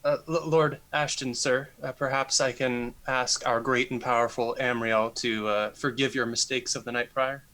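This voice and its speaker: A man at a tabletop game, speaking politely with some hesitation. His voice is bright and crisp, at a middle pitch. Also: fairly even intonation, moderate pace, hardly any pauses. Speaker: player. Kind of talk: in-character tabletop play.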